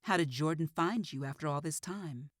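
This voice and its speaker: A woman voicing a frightened young female teacher who speaks quietly and huskily in a storybook reading. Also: low voice, normal speed, no echo, clean studio sound. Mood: scared. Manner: quiet, barely above a whisper. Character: scared young woman teacher under threat.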